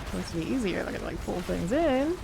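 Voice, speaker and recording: A woman's voice: medium pitch, big pitch swings, fast, creaky, background noise. A woman streaming a game live, thinking aloud and calling out enemies as they appear. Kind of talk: live gameplay commentary.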